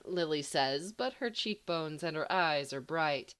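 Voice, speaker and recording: A woman narrating a comic romance story in an expressive, playful amateur audiobook reading. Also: sits low, unhurried, hardly any pauses, smooth. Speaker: podfic reader.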